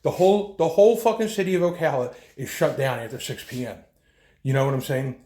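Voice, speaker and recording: A man's voice: mid-range voice, lively intonation, fairly quick, darkish tone, roomy sound. A man giving an agitated, profane, rambling account as a bereaved son, with many restarts. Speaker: bereaved son telling his story. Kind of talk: heated first-person account.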